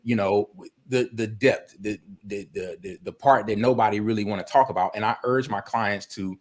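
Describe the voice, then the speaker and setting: A man guest in an interview, telling stories in a relaxed, informal way with casual grammar. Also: lowish voice, normal speed. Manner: relaxed storyteller, many restarts and fillers, informal grammar. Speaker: guest, video producer.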